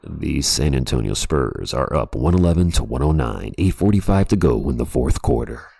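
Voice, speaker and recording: A late-night radio DJ, with a voice that drops extremely low and rumbles with gravelly fry. The tone is dark, husky and laid-back, and every line comes out slow and soothing like an on-air announcement, close and dry on a desk mic. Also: male voice, animated, no room sound, exaggerated voice. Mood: smooth. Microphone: USB desktop microphone.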